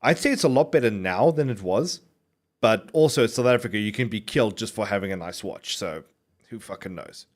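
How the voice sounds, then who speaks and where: A man streaming a game and chatting casually. He rambles with many restarts, swears freely and speaks with clear enunciation. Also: fairly low pitch, animated, fairly quick.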